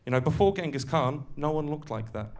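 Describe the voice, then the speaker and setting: A man's voice: a little high, lively intonation, a little fast, gravelly, darkish tone, slight background noise. A man doing a stand-up comedy set on a club stage, chatting and working the crowd. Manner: conversational, crowd-work asides.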